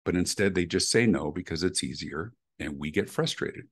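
Husky deep-voiced man, animated and emphatic. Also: normal speed. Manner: intense, emphatic. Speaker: guest, customer experience speaker. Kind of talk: animated interview answers.

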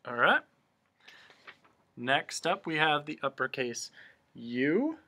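A man's voice: on the high side, big pitch swings, slow pace, pushed and bright. A man teaching a remote cursive handwriting lesson, explaining each stroke patiently, step by step.

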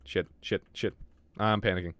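A man's voice: lowish voice, fairly even intonation, moderate pace, noisy background. A man streaming a horror game, talking to his chat in a jittery way and swearing often. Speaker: gaming streamer. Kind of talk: live gameplay commentary.

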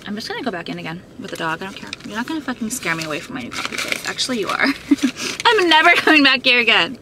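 Heavy background noise surrounds this woman's slightly high, very animated voice as she talks fast. A vlogger filming herself on a handheld phone, she vents to camera in an upset state, swearing often and saying "like" constantly.

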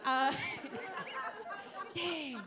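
A woman's voice: very high voice, expressive, extremely slow, a crowd in the background. A woman comedian in her forties telling self-deprecating stories on stage, acting out the quotes. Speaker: stand-up comedian. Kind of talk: stand-up comedy storytelling. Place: comedy stage before a live audience. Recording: live audience laughter behind.

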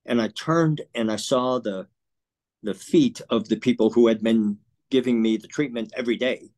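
A man in his sixties telling a personal story in an interview, earnest and emotional, often clearing his throat. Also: medium pitch, a little mellow. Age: 60s. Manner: earnest, emotional, halting with restarts. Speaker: interview guest.

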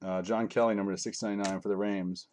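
A man's voice: lowish voice, flat delivery, fast, darkish tone, slight background noise. A man hosting a live card break from home, rambling casually as he calls out each card he pulls. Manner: rambling and chatty, calling out cards as he opens packs. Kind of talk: casual live-stream commentary.

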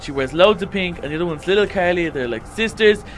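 A man's voice: high voice, animated, fast talker, slight background noise. A man voicing an anxious, talkative young male shark hero in a Minecraft role-play, stammering and rambling when scared. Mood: flustered rambling.

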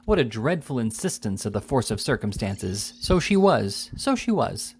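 A man voicing an indignant, excitable elderly gentleman who declaims in outrage. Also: medium pitch, moderate pace, slightly rough.

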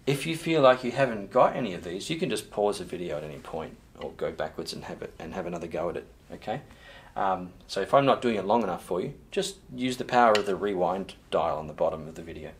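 Lower-voiced man teaching a percussion lesson. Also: fast, hardly any pauses, a little hiss or hum. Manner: calls out sticking patterns loudly over drumming, then explains calmly. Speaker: music teacher. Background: drum playing.

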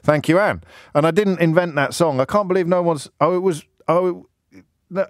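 A man's voice: on the high side, moderate pace, no room sound, clean studio sound. A man hosting a radio phone-in, bantering and teasing callers in a playful, jokey way. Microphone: studio microphone.

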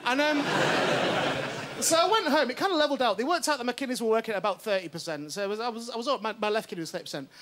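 A man doing a stand-up comedy set on a TV studio stage, telling a story in an animated, self-mocking way and often asking "right?". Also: very high-pitched, very fast, a little hiss or hum. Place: TV studio stage before an audience.

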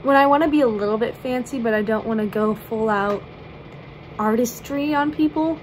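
Woman, makeup vlogger, bubbly and playful, fairly high voice, faint hum behind. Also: moderate pace, low-quality recording. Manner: bubbly and playful, chatty asides. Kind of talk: chatty makeup tutorial.

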